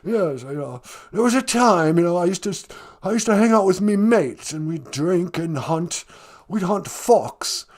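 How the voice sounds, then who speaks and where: A man's voice: high-pitched, animated, a little slow. A man doing a comic impression of a fussy English prince, with a put-on English accent, hesitant and stammering. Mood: nostalgic.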